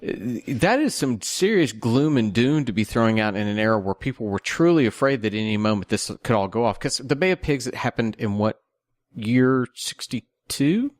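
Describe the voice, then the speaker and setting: A man's voice: medium pitch, animated, moderate pace, no echo, studio quality. A man co-hosting a podcast, discussing a movie casually with a questioning, skeptical manner. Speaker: podcast co-host.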